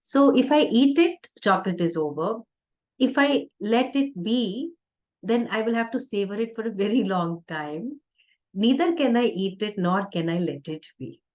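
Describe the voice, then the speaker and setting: A woman spiritual teacher giving a conversational, playful discourse with soft laughs. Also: mid-range voice, animated, moderate pace. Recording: dull lo-fi recording.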